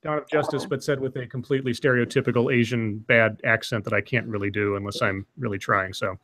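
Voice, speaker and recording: A man's voice: medium pitch, steady tone, a little fast, a bit bright. Chatty man explaining at length. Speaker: stream co-host. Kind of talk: casual live-stream chat.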